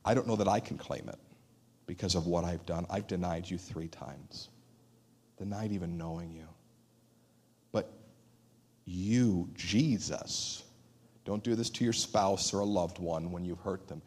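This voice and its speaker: A man preaching a sermon in an earnest manner, dropping to a hushed voice for emphasis and acting out quoted dialogue. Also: low-pitched, a little slow, long pauses. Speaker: pastor.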